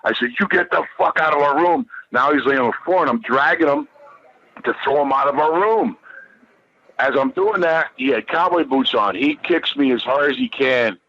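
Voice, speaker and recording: A man's voice: medium pitch, big pitch swings, moderate pace, pushed and bright, dry recording. A man guest telling a long story in a profane, rambling, emphatic way. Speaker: podcast guest. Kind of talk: animated storytelling. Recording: dull lo-fi dry sound.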